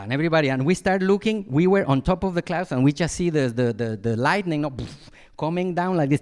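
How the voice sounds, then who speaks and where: Male monk, high voice; animated storyteller who mimics sounds. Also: a little fast. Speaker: monastic teacher. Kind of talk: dharma talk with storytelling. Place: retreat hall.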